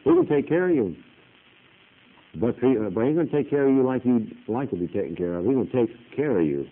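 A man's voice: medium pitch, animated, a little fast. A man preaching a folksy, plain-spoken sermon that climbs into emphatic peaks. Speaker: pastor. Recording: tinny hissy lo-fi recording.

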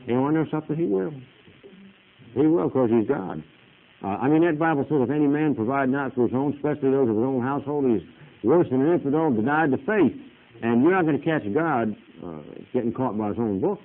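A man's voice: mid-range voice, animated, fairly quick. A man preaching a folksy, plain-spoken sermon that climbs into emphatic peaks. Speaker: pastor. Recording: tinny hissy lo-fi recording.

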